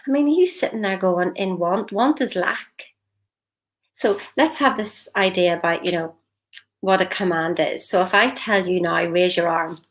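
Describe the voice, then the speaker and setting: A woman's voice: medium pitch, expressive, moderate pace, rough recording. A woman giving an upbeat, encouraging motivational talk on a live stream, often laughing and breaking into asides.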